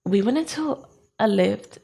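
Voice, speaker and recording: With an unhurried, mid-range voice that's creaky and husky, a young adult podcast co-host tells a personal story in a casual chat. She brings it to life by acting out what she and others said.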